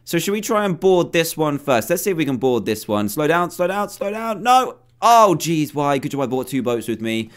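A man giving excitable, chatty commentary over his own gameplay, with frequent exclamations. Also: on the high side, moderate pace, few pauses. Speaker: gaming video host. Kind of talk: let's play commentary.

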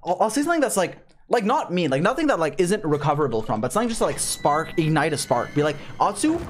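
A man's voice: on the high side, big pitch swings, quick pace, noisy background. A man streaming games, telling rambling, joking stories full of swearing in casual livestream chat. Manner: rambling, profane, joking storyteller. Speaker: game streamer.

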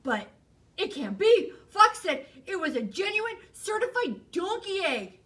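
A woman voicing an excitable, gullible, big-hearted storybook bear who shouts his lines. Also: extremely high pitch, measured pace, pitched above the performer's own voice, full character voice. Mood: excited. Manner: shouting, exclaiming.

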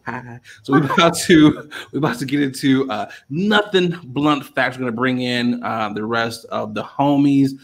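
A man's voice: medium pitch, normal speed, hardly any pauses. A man co-hosting a podcast in casual, joking, slangy banter over a video call. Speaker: podcast co-host. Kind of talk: casual chat.

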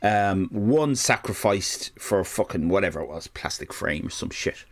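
A man's voice: low voice, lively intonation, normal speed. A man streaming live, telling a rambling, profane comic story and interrupting himself often.

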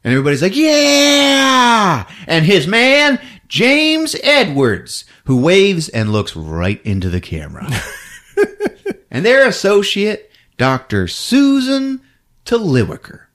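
A man hosting a comedy podcast, recapping a film with lots of laughter and quick character impressions. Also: fairly high pitch. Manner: animated, laughs often, acts out characters.

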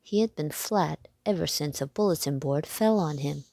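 A woman reading a children's book aloud, deliberate and clear for young listeners. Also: low-pitched, warm tone, no room sound, clean studio sound. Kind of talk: read-aloud storybook narration.

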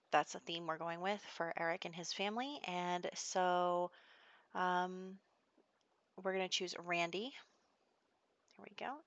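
A woman's voice: on the low side, fairly bright tone, no echo. A young adult woman casually narrating her life-simulation gameplay in a chatty, rambling way with frequent laughs. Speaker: let's play host. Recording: dull, dry home mic.

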